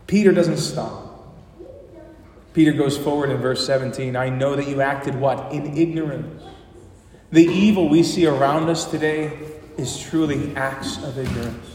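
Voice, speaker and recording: A male pastor preaching a sermon, impassioned, slowing down for emphasis and rising in volume. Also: mid-range voice, a little mellow, slight background noise. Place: church sanctuary. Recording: echoey hall from far off.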